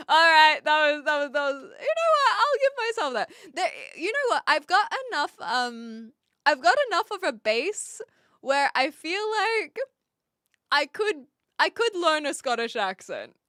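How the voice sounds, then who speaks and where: Young woman, live streamer, giggly, casual chat, slow talker, dry close sound. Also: sits high, big pitch swings, pushed and bright, no room sound. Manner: giggly, laughs often.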